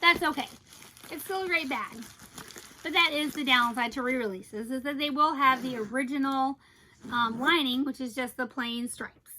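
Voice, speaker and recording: Gushing high-voiced woman reviewing bags. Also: moderate pace, bright, forceful tone, slight background noise, poor audio. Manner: chatty and gushing, with playful asides and sudden surprised exclamations. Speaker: bag collector reviewing her purchases. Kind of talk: casual product review vlog.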